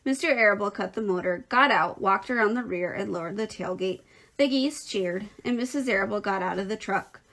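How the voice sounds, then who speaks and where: A woman teacher reading a children's novel aloud in a clear, expressive storytelling voice. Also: medium pitch, fairly quick.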